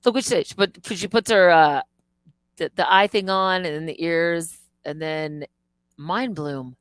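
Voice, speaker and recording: A woman hosting a live stream, talking in a casual, animated way, indignant and swearing freely. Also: fairly low pitch, unhurried, clean tone, dry recording.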